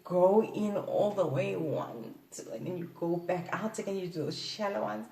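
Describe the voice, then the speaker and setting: A woman hosting a playful sex-advice talk, often giggling and letting out drawn-out "ooh"s. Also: lowish voice, mellow, far from the mic. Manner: giggly, playful, breathy exclamations. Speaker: host. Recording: echoey room, off-mic.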